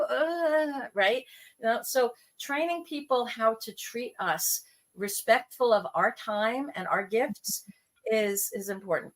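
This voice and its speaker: Middle-aged woman guest, animated storyteller who plays out quoted voices, slightly high pitch. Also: slow pace. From New York. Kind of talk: casual conversation.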